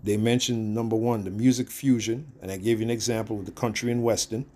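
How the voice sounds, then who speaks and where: Male channel host, lowish mellow voice, casual explainer who keeps checking in with the listener. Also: fairly even intonation, fast talker.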